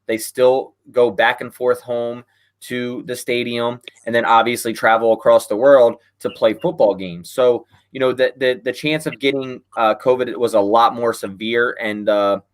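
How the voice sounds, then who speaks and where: A man's voice: medium pitch, fairly even intonation, moderate pace. A man, a guest on a sports podcast, talking casually with lots of fillers. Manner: laid-back, many fillers like "man" and "you know". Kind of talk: casual chat.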